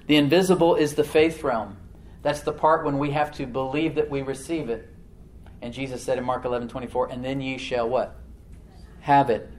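A man preaching a sermon in a homespun storytelling voice, with mid-range pitch. He drops to quiet asides and then rises into loud, emphatic declarations, repeating his key phrases. A faint noise sits under the recording. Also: low-quality recording.

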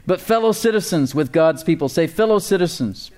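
A man's voice: fairly high pitch, lively intonation, fairly quick, a little mellow. A man preaching a sermon as pastor, emphatic, with call-and-response asides and repeated words for emphasis.

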